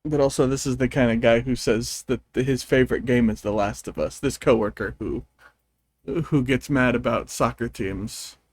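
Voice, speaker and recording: A man's voice: mid-range voice, steady tone, moderate pace, dry recording. A man streaming a game, chatting in a rambling, amused way as he tells stories. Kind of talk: casual chat while gaming.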